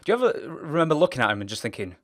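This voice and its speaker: A man's voice: on the high side, sing-song, racing, a bit bright. A man interviewing a guest, asking loose, rambling questions full of fillers and laughing along. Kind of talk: casual interview.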